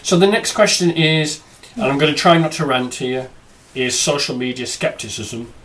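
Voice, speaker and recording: A man's voice: a little high, fairly even intonation, normal speed, fairly bright tone. A man hosting a podcast, chatting casually and cracking self-mocking jokes. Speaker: podcast host.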